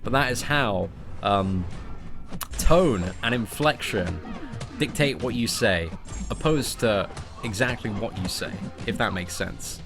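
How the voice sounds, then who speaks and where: A young Englishman with a lowish voice speaks slowly while music plays behind him, chatting casually with viewers during a game. This gaming streamer keeps it jokey and talkative, addressing his audience as "mate" and "boys."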